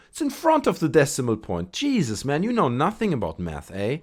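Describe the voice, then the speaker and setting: Amused man with a lively voice. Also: medium pitch, moderate pace, hardly any pauses. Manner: amused, chatty, laughs often. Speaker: channel host reading posts. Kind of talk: casual comedic commentary.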